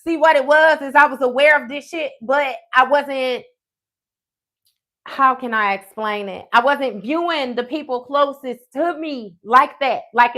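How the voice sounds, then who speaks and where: Animated woman telling a story. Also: high voice. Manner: animated, profane, frequent "okay?" check-ins. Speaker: tarot reader. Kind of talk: casual live storytelling.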